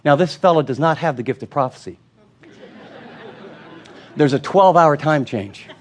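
A man's voice: a little high, moderate pace, darkish tone, a little hiss or hum. Earnest male preacher telling a story. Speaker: pastor. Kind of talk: sermon.

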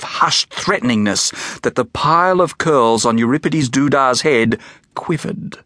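A man narrating a children's novel as an audiobook in an expressive storytelling manner. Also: medium pitch, a little slow, no echo, studio quality.

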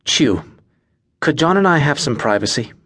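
A man's voice: mid-range voice, sing-song, moderate pace, a bit bright, breathy edge, no echo, clean studio sound, pitched above the performer's own voice. A man voicing a tough young warrior woman in an audiobook, speaking tersely and with a scolding edge. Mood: guarded.

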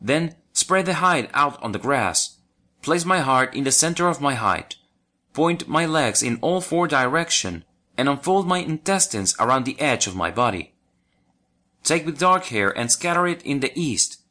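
Wise lady yak animal from a kids story, guy reading her, calm and instructing. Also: fairly high pitch, moderate pace. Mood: calm instructive. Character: wise female yak-like animal, brave helper.

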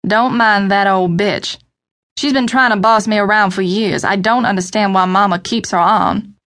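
A woman's voice: mid-range voice, fairly even intonation, normal speed, a bit bright, natural voice. A woman narrator voicing a young man with a Southern drawl, by turns sarcastic and coaxing, in an audiobook.

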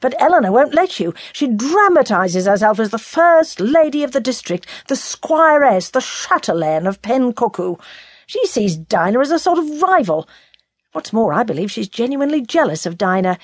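A woman's voice: on the high side, big pitch swings, moderate pace, dry recording, voice pushed up. A woman voicing an indignant young man who speaks with heated, scornful emphasis in a storybook reading.

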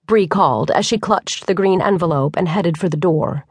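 A woman's voice: mid-range voice, moderate pace, hardly any pauses, slightly rough, no room sound. Woman narrating a romance audiobook, dry and close. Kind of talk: scripted narration.

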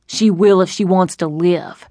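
A woman voicing a cold, gruff male bank robber who barks orders and threats in an audiobook. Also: lowish voice, normal speed, a little mellow, dry recording, clean studio sound, lightly acted. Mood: cold menace.

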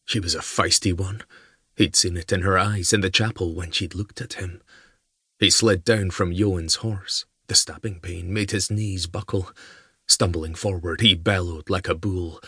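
A man narrating an audiobook in a measured storytelling manner. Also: low-pitched, sharp tone, husky, no room sound, clean studio sound. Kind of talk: scripted narration.

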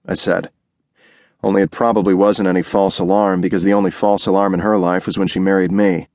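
Male audiobook reader, low register, clipped and weary noir delivery, dry close studio sound. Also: flat delivery, a little fast, darkish tone, dry recording. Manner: clipped, terse and world-weary. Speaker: audiobook narrator. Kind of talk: first-person hardboiled noir narration. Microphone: close studio mic.

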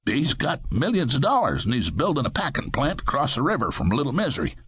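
A man voicing an excitable young male frontier rancher in an audiobook western. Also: a little fast, slightly rough, no room sound, clean studio sound, full character voice. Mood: excited. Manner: excitable, high-pitched storytelling.

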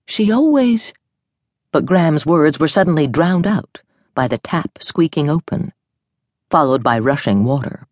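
A woman narrating an audiobook novel in an expressive storytelling manner. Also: sits low, normal speed, dry recording.

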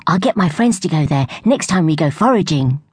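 A woman's voice: low-pitched, animated, fairly quick, breathy edge, dry recording, clean studio sound. A woman voicing an eager, kind young female squirrel. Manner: bright and eager.

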